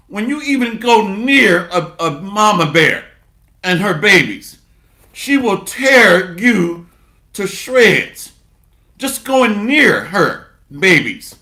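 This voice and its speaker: A man preaching a sermon, sarcastic and full of repeated refrains, shifting from low muttering to loud bursts and reading scripture aloud. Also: big pitch swings, slow pace, roomy sound.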